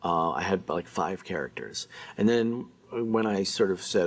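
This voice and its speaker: A man, the show's creator, reflecting on making a series in a documentary interview, pausing often with fillers. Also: deep voice. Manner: reflective, searching for words with fillers. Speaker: show creator.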